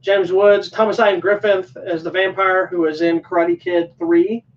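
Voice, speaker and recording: A man's voice: high voice, little pitch movement, moderate pace. A man co-hosting a casual podcast chat, talking in an easygoing, rambling way. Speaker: co-host. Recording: dull sound from a distant mic.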